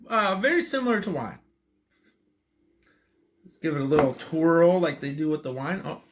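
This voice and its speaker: A man's voice: sits high, lively intonation, normal speed, a bit bright. A man talking casually in a vlog, chatty and enthusiastic, rambling with plenty of fillers as he tries a drink. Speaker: vlogger tasting drinks.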